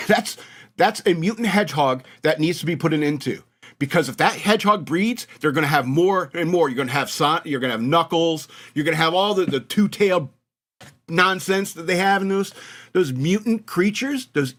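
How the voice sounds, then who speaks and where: A man's voice: fairly high pitch, lively intonation, fairly quick, fairly bright tone. An American man hosting a radio show, talking in a rambling, mocking monologue and laughing at his own jokes. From United States. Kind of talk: casual comedic monologue.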